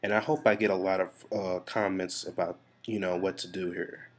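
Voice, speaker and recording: This confessional vlogger faces his camera and speaks in a low, deep voice with flat delivery at normal speed. He's stressed and frustrated, rambling and swearing freely as he works through his thoughts aloud.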